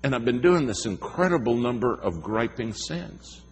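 A man preaching a sermon in a folksy, emphatic way, telling stories and slowing down to stress his points. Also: medium pitch, animated, in a large hall. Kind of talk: sermon with storytelling.

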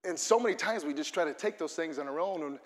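A man's voice: fairly high pitch, fast, in a large hall. A man preaching a sermon to his congregation, earnest and building to fervent emphasis. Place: church auditorium.

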